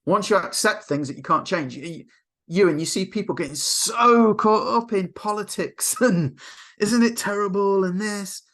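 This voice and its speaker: A man teaching in a motivational webinar, his voice sitting a little high. He tells stories and slips into quick acted-out quotes. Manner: animated storyteller, acts out quotes. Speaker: NLP coach.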